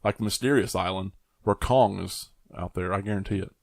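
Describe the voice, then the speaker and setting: A young man co-hosting a podcast in casual chat, loose and profane, with quick joking asides. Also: deep voice, vocal fry, no room sound, studio quality. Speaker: podcast co-host.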